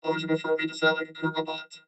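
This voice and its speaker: A flat, synthetic robot voice. It stays rigidly monotone, with a buzzy synthesizer edge. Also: male voice, on the high side, fast talker, clear, resonant tone, muffled recording, pitched above the performer's own voice. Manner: monotone, mechanical. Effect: robot voice filter.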